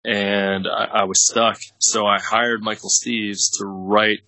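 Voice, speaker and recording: This podcast guest, an actor and producer in his thirties, speaks slowly with a lowish, sharp-toned voice and a flat delivery. He tells casual, rambling stories with many fillers and frequent laughs. The audio has no room sound and is poor.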